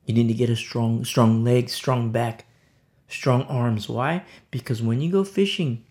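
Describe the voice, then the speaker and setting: A man's voice: medium pitch, measured pace, darkish tone. A man pastor giving a conversational sermon, stressing points through repetition.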